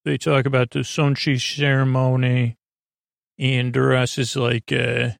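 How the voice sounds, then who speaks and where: Man, gravelly voice, casual rambling retelling, lots of fillers, dry close recording. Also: mid-range voice, completely flat delivery, unhurried, no echo. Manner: rambling, loose, many fillers and restarts. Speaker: sleep podcast host.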